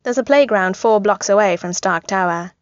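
A woman reading a story aloud as narrator, in an even, gently amused tone. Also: medium pitch, moderate pace, no room sound. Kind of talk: reading fan fiction aloud. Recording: slightly muffled, dry.

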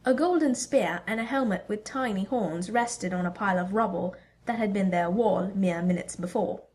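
A woman narrating a fan-fiction story as an audiobook reader, in an even storytelling manner. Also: medium pitch, normal speed.

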